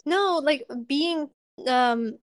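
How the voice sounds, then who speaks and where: Chatty young woman host, high voice. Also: drawn-out words, no room sound, studio quality. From Russia. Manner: chatty, animated storytelling with lots of "like". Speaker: podcast host. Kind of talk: casual chat.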